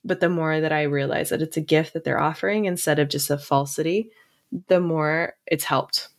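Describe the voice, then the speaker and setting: A woman's voice: low-pitched, moderate pace. A woman counselor co-hosting a podcast, talking casually and reassuringly and laughing often. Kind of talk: casual chat.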